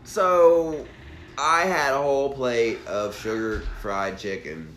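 A young man telling a profane, animated story in casual chat as a podcast co-host. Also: medium pitch, slow. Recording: roomy room with faint background noise.

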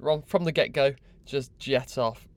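A man's voice: medium pitch, unhurried. A young man hosting a podcast, mocking and exasperated in a sweary comic rant. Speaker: podcast host.

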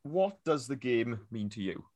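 A man's voice: mid-range voice, big pitch swings, measured pace, darkish tone. Podcast host guy, voice bounces up and down a lot, teasing and laughing. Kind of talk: casual chat.

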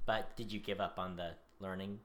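A man's voice: deep voice, steady tone, moderate pace, fairly bright tone. A young man co-hosting a podcast, teasing and needling his partner in casual chat. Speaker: podcast co-host. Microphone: podcast mic on an arm.

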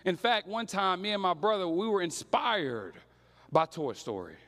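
Young male preacher, high voice, slangy storytelling sermon. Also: big pitch swings, moderate pace, fairly bright tone, in a large hall.

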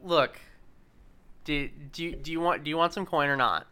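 A man's voice: a little high, pushed and bright, clear, resonant tone. A man playing a tabletop game, joking and swearing as he talks through his character's actions. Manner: joking, swearing, quick to protest. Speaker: player.

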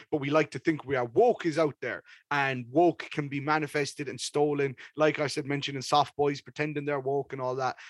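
A man's voice: medium pitch, dry recording. A young man hosting a podcast, reviewing an album in casual, rambling chat with plenty of swearing. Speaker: podcast host.

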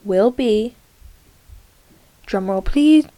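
A woman's voice: mid-range voice, lively intonation, extremely slow, mellow. A young woman hosting her solo podcast in casual chat, talking to her listeners and joking at herself with many fillers. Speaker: podcast host.

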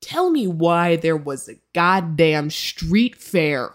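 A young woman co-hosting a podcast, telling a story in a casual, animated and profane way. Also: deep voice, slow pace. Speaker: podcast co-host.

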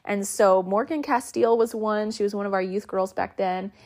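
A woman's voice: medium pitch, steady tone, moderate pace, a little mellow. A woman in her thirties hosting a podcast, telling stories in a casual way and acting out the quoted lines. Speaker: podcast host. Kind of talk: casual storytelling.

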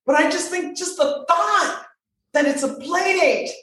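A woman's voice: extremely high pitch, a little slow. A woman voice coach talking in a casual interview, playful and emphatic, repeating her points. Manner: animated, playful, emphatic repetition. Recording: very echoey room.

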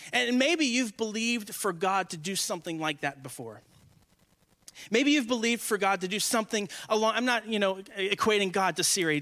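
Young male guest preacher, high and bright, joking with the congregation as he speaks. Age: 20s. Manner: joking, asks the congregation questions. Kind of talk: humorous conversational sermon. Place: church before a congregation.

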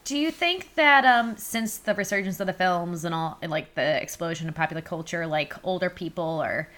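Woman on a podcast, lowish voice, chatty and musing. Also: moderate pace, a bit bright. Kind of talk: casual chat.

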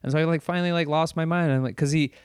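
A man, a stand-up comedian, telling a long story in casual chat, animated and profane, often restarting and acting out what people said. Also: fairly high pitch, very fast, clean tone, no echo, studio quality.

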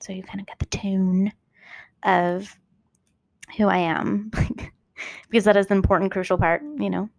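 Candid woman podcaster with a gravelly voice. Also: medium pitch, level tone, normal speed, pauses often, no room sound. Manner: candid, rambling, with asides and self-corrections. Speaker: podcast host. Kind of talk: casual solo podcast monologue. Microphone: recording into her phone.

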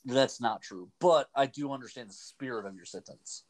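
A man's voice: mid-range voice, moderate pace. A man hosting a radio show, joking around in a casual, playful way. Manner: jokey, playful, lively delivery.

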